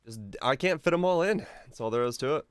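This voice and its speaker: A man's voice: mid-range voice, quick pace, clear, resonant tone, no room sound. Laid-back male streamer humming along. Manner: relaxed, hums to himself, chuckles. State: voice a bit off today. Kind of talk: casual gameplay commentary.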